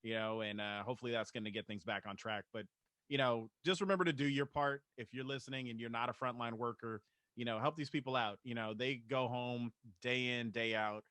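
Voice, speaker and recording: A man's voice: medium pitch, fairly even intonation, fairly quick, fairly bright tone, dry recording. A man co-hosting a podcast in casual chat, earnest and full of fillers. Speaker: podcast co-host.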